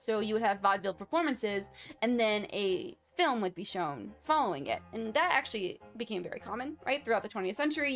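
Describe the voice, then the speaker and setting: A woman's voice: on the high side, fairly bright tone. A woman hosting a casual history chat, giggly and loose, laughing between points as she explains. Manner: giggly, loose, drinking while she talks. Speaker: podcast host.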